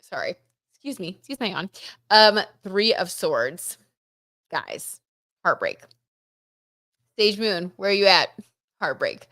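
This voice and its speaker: A woman's voice: medium pitch, very animated, slow pace, pauses often, sharp tone, dry recording, studio quality. A woman hosting a tarot gossip livestream, chatting casually and reading out viewer comments, with lots of fillers like "like" and "um". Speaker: tarot reader and livestream host.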